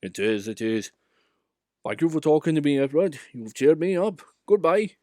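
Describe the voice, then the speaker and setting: A man voicing a kindly old male narrow-gauge engine who tells of his railway in a fond, gently protective way. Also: fairly high pitch, sing-song, moderate pace, dry recording, studio quality, voice pushed up.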